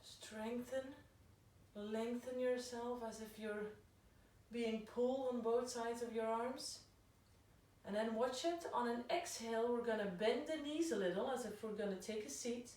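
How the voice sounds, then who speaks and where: A woman yoga instructor guiding a class through slow breath cues. Her voice sits slightly high and she takes her time with each instruction. She is heard from across a big, very reverberant room. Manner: slow, calm cueing of breath and poses. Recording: very echoey room, voice from far off.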